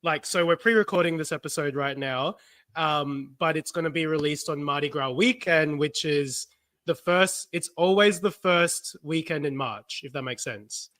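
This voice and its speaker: Co-host: Australian man, bright and forward tone, animated and talkative, dry close sound. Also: a little high, normal speed, dry recording. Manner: animated, chatty, self-interrupting. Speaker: podcast co-host. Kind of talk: casual chat.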